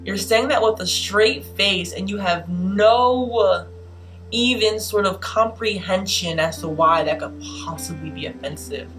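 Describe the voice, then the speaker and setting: A woman in her twenties vlogging, telling a story in an animated, exasperated, emphatic way. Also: medium pitch, unhurried, soft background music. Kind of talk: casual storytelling vlog.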